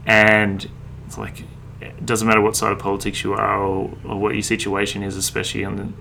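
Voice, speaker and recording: A man's voice: lowish voice, completely flat delivery, brisk, gravelly, sharp tone, a little hiss or hum. Laid-back, sweary Australian man. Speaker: street artist, interview guest. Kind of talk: casual interview chat.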